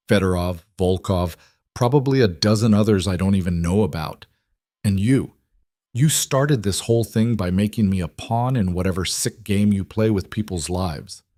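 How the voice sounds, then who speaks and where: A man's voice: fairly low pitch, moderate pace, warm tone, dry recording, studio quality, natural voice. A man voicing a frightened but defiant young woman, speaking tensely.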